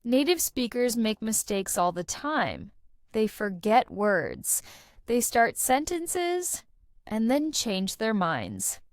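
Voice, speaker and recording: A woman giving a scripted English lesson, speaking in a slow, deliberate teaching manner. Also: fairly high pitch, no echo, clean studio sound. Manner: slow, deliberate teaching delivery with lively intonation.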